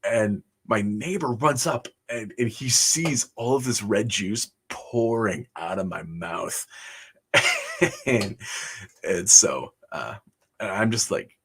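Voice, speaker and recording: Guy livestreaming his life story, kinda husky, laughs a lot, lots of ums. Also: fairly low pitch, slow, fairly bright tone. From Canada. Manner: chuckles often, loose and rambling with fillers. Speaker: livestream host. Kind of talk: casual life-story telling.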